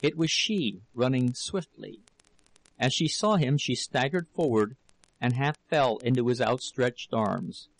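A man reading a novel aloud as an audiobook narrator, in a steady, measured way. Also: medium pitch, low-quality recording. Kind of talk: scripted narration.

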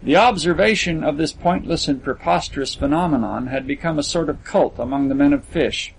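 A man narrating a literary story as an audiobook, in a measured storytelling manner. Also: a little high, vocal fry, slight background noise, low-quality recording.

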